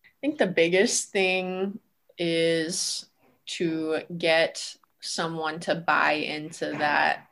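A woman college coach answering interview questions in a relaxed, thoughtful way, with frequent ums. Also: sits low, drawn-out words, creaky.

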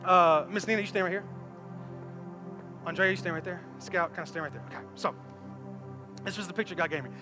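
A man's voice: high voice, brisk, pauses often. Guy pastor preaching in church, chatty and jokey, echo from the big hall, faint music. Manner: animated, conversational, repeats words, jokes with congregation. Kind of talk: energetic sermon with stage demonstration.

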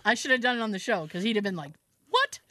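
Lively, animated woman telling a story. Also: mid-range voice, rapid-fire, no room sound, clean studio sound. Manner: animated, acts out family members' lines; frequent "like" fillers and laughter. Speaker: podcast co-host. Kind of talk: casual storytelling chat.

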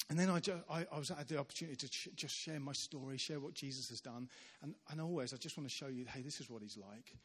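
A man giving a sermon as a visiting preacher, telling stories in an animated way and acting out the voices of the people in them. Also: mid-range voice, fast, few pauses. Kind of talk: sermon storytelling. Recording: long reverb of a large church hall.

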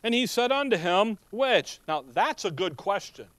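A man's voice: sits high, expressive, normal speed, fairly bright tone, clear, resonant tone, no echo. A middle-aged male pastor preaching a sermon in a folksy manner, full of joking asides and rhetorical questions.

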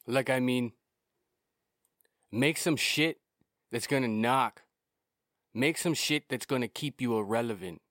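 A man's voice: medium pitch, fairly bright tone, dry recording. Man, solo podcast rant, profane, heated, repetitive, dry sound. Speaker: podcast host and musician.

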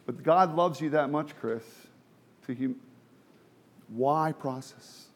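A middle-aged man preaching a sermon from the pulpit, chatty and self-deprecating, moving between quiet asides and emphatic exhortation. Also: on the high side, slow pace, slightly rough. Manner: conversational with self-deprecating humor, many restarts and fillers. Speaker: pastor.

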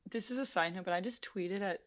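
A young woman from Wisconsin co-hosting a podcast, laughing often and dropping quick asides. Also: fairly low pitch. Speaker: podcast co-host. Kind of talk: casual chat.

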